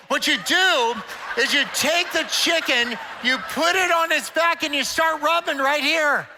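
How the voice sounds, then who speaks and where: Older man, very high bright voice, playful joking conference speaker, long hall reverb. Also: measured pace, background noise. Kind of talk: inspirational conference talk. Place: conference stage in a large hall.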